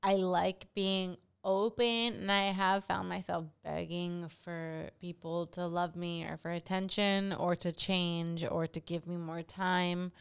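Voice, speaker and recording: A woman co-hosting a podcast in casual chat, talking in a candid, profane, animated way. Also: lowish voice, slow pace, gravelly, hardly any pauses, clear, resonant tone.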